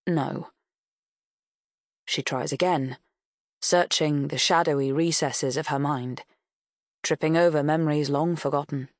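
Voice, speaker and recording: A woman narrating an audiobook in a measured, even storytelling manner. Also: sits low, dry recording, studio quality.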